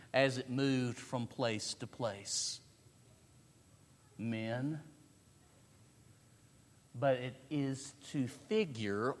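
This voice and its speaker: Male preacher, deliberate and emphatic, big swings in volume, church hall reverb. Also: medium pitch. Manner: emphatic, rhetorical questions, swings between loud and quiet. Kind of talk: expository sermon. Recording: long reverb of a large hall.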